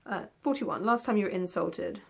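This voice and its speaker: A woman's voice: medium pitch, moderate pace, gravelly, husky. Chatty young woman vlogging, rambling. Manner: rambling, with many ums and yawns. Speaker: book vlogger. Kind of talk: casual tag video chat.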